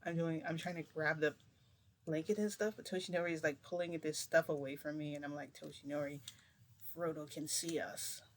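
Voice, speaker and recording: A woman's voice: fairly even intonation, a little fast, slight background noise. Rambling woman telling a story. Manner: rambling, filler-heavy retelling with many restarts; speaks low to keep quiet. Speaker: storytime vlogger. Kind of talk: casual storytelling.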